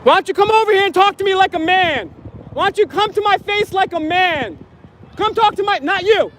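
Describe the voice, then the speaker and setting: A man filming on his phone outdoors, loudly heckling and taunting officials with repeated insults. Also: very high-pitched, animated, a little fast, slight background noise. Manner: mocking, repetitive insults. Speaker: YouTube auditor filming officials. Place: outdoors at a public event. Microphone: handheld phone camera.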